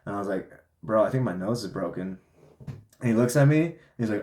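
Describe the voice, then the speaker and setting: Young male vlogger, low-ish voice, casual candid storytelling, roomy echo. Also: lively intonation, fairly quick, warm tone. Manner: loose and candid, swearing, full of "like" and restarts. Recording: echoey room.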